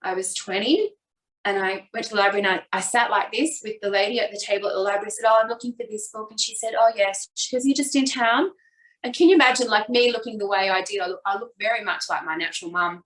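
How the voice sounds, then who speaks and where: A woman's voice: medium pitch, fairly bright tone. Twenties woman from australia telling her story, open and thoughtful, sounds roomy and a bit off mic. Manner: open, reflective, with quick bursts when retelling. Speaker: guest. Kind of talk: candid personal storytelling. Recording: echoey room, voice a bit far from the mic.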